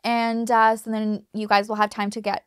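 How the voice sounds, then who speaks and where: A woman's voice: fairly high pitch, flat delivery, moderate pace, smooth, dry recording, studio quality. A woman in her thirties talking casually to camera as a video creator, chatty and emphatic, with lots of fillers and restarts. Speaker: YouTube true crime creator.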